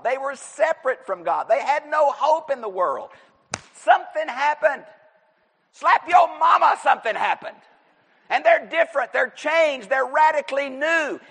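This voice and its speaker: A high-voiced man preaching in a church, his pitch leaping all over as he teaches and exhorts. He is emphatic and animated and now and then bursts into a shout. A long hall reverb trails every word. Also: gravelly. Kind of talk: expository sermon.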